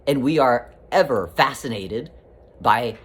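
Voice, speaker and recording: A man giving a spiritual talk, speaking as a collective "we" in a flowing, repetitive, gently teasing way. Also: mid-range voice, lively intonation, unhurried, slightly rough. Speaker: spiritual teacher.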